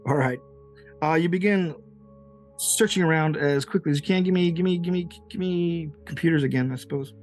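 A man's voice: fairly high pitch, fairly quick, a little mellow, soft background music. A man narrating a tabletop game as game master, loose and rambling, laughing often.

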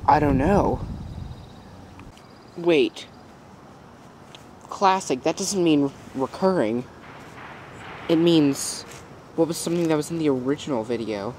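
A woman voicing an excitable player character in a fan-made puppet drama. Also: a little hiss or hum. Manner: excitable, quick shifts in pitch.

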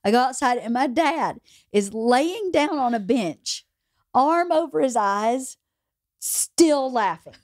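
A woman's voice: sits high, animated, takes it slowly, no room sound. A woman podcast host tells a story from her own life in a candid, chatty manner. Her voice sits a little above the usual for a woman. The sound is close and dry, with no room around it. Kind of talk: casual anecdote telling.

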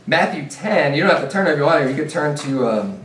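A man preaching in a church, his slightly high voice carrying through a roomy, echoing space. He sounds set back from the microphone, earnest and plain-spoken as he moves between scripture readings and direct appeals. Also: animated, fairly quick, fairly bright tone, a little hiss or hum. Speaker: pastor. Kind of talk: sermon. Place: church sanctuary. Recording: echoey room, mic at a distance.

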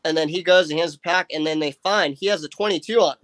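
A man with a somewhat high voice tells a long story in loose, casual chat. He rambles with lots of fillers and restarts and slips into his friends' voices as he goes. The sound is dry and close. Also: fast talker, no room sound. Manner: animated, acts out friends' lines. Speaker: livestream guest telling a story.

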